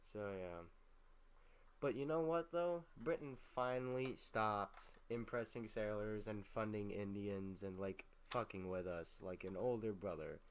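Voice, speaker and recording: A man's voice: on the low side, measured pace, slight background noise. A young man casually retelling history in a rambling, profane way, full of filler words. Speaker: history recap host.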